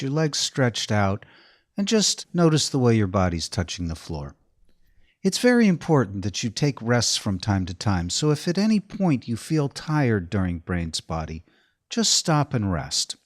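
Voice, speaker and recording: A man leads a guided body-awareness lesson, giving calm step-by-step directions. His pitch rises and falls in a lively, melodic way, and the recording sounds close and dry. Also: measured pace, dry recording. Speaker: movement instructor.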